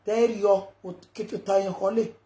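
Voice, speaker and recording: A woman's voice: medium pitch, flat delivery, moderate pace. Rambling Nigerian woman ranting on a live video. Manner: loud, rambling, mixing Pidgin and local languages. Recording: echoey room with background noise.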